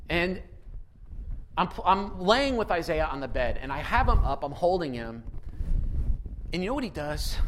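Pastor, man, 30s, high bright voice, emphatic sermon delivery that drops to a hush and climbs to near-shouting. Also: a little hiss or hum. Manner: emphatic preaching that swings from hushed to near-shouting; personal storytelling with laughs.

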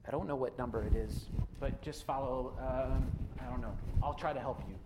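A man preaching a sermon, swinging from loud, driven passages to soft, hushed appeals. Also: medium pitch, moderate pace, noisy background. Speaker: pastor.

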